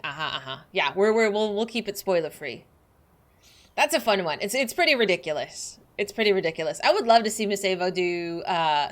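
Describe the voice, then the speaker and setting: A young woman streaming a game, chatting bubbly and giggly with her viewers. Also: medium pitch. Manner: bubbly, giggly, greets chat warmly. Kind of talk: casual livestream chat.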